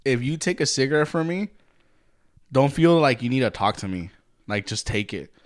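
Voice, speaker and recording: A man's voice: mid-range voice, animated, normal speed. A man in casual chat, swearing a lot and mocking his friend with sarcastic banter.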